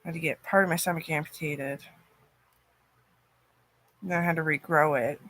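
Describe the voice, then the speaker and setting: A woman in a rambling personal monologue, cursing often, her loudness swinging from loud outbursts to near-murmurs. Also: low-pitched, steady tone, normal speed, dry recording.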